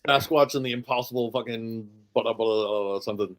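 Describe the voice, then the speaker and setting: A man's voice: fairly low pitch, fairly quick. A man co-hosting a casual podcast chat. He is eager and swears, often chiming in with short agreeing replies. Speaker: podcast co-host.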